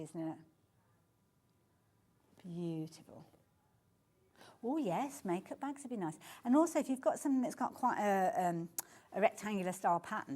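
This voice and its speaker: A woman with a medium-pitched, darkish voice presents fabrics on a live shopping channel show from a TV studio. Chatty and gushing, she praises each design and keeps describing them as beautiful.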